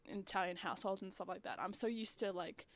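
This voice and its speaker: A young woman chatting casually on the radio, full of "like" fillers and quick impressions of customers. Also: medium pitch, no echo. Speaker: guest.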